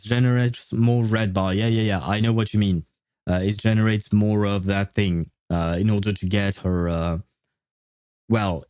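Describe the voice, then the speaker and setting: A young Frenchman with a French accent chats casually while livestreaming a game, rambling, correcting himself and laughing a lot. His voice is lowish and dark in tone, recorded at studio quality with no echo.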